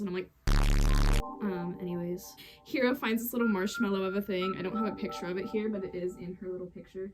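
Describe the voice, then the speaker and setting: A woman gushing through a casual comic recap, full of slang and quick asides. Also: medium pitch. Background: game soundtrack music.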